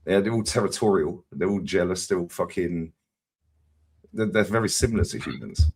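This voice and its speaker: A man chatting on a live stream, telling stories loudly with a lot of swearing and laughter. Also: low voice, moderate pace, slightly rough. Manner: loud, profane, animated storytelling. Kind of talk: casual chat on a live stream.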